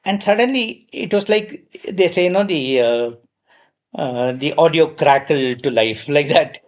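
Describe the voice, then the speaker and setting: Middle-aged man, slightly high voice; anecdotal devotional talk, lively, full of fillers. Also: a little slow. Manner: lively retelling with frequent fillers and self-deprecating asides. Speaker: speaker at a devotional gathering.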